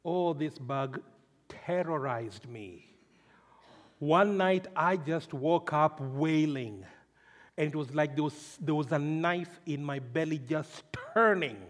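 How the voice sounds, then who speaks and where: A man from Africa preaching a sermon and telling a story, moving between loud emphasis and hushed low passages. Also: takes it slowly. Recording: long hall reverb.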